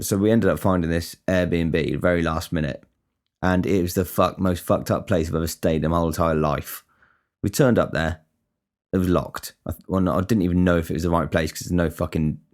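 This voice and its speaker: This young podcast host from England speaks in a deep, steady, slightly mellow voice, fairly quickly. He is from the talks, and in his casual storytelling monologue he rambles, swears freely and often restarts his sentences.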